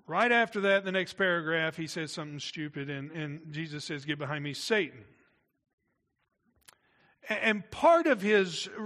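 A man's voice: high voice, bright, forceful tone. A middle-aged man, a pastor, preaching a sermon in a conversational way with asides to the congregation.

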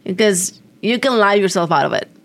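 A woman pastor with a middle-pitched voice speaks earnestly in a relaxed podcast chat. She often restarts and repeats words as she works her point through. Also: a little fast, vocal fry. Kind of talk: casual faith podcast conversation.

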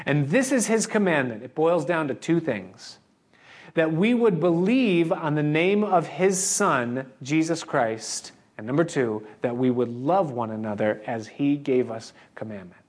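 A man's voice: a little high, animated, unhurried, darkish tone. A male pastor delivering an earnest, expository sermon and addressing the congregation directly. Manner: earnest, expository, acts out the congregation's inner voices.

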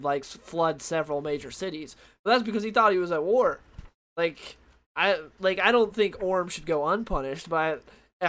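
A man's voice: high-pitched, fairly bright tone. A young man in casual chat about a comic book, rambling with lots of fillers and restarts.

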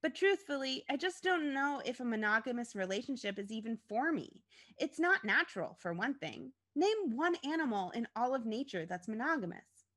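An evasive young boyfriend in a read-aloud story, voiced by a woman narrator. He talks in an apologetic, smoothing-over way, only lightly acted. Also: on the high side, big pitch swings, normal speed, fairly bright tone, pitched above the performer's own voice.

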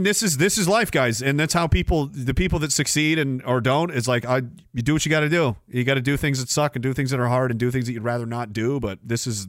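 A man's voice: mid-range voice, fairly bright tone, no room sound, clean studio sound. A man hosting a live stream podcast, ranting sarcastically and acting out quoted voices. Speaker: podcast host.

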